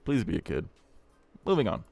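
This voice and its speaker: A man's voice: fairly low pitch, huge pitch swings, normal speed, gravelly, warm tone, no room sound, faint music behind. A young man hosting a car channel, giving blunt, crude, rambling casual commentary.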